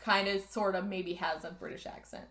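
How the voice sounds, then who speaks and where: A woman's voice: medium pitch, fairly even intonation, moderate pace, fairly bright tone. A woman hosting a podcast, recapping a movie in a rambling casual chat full of "like" fillers. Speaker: podcast host. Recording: echoey room.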